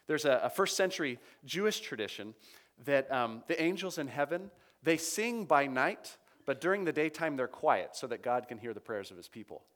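A man with a medium-pitched, slightly bright voice preaches a sermon, teaching through scripture conversationally. He reads verses aloud with emphasis and checks in with his listeners.

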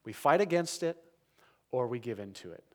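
A man preaching a sermon as pastor, earnest and dynamic, often dropping to soft, emphatic lows. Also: animated, moderate pace.

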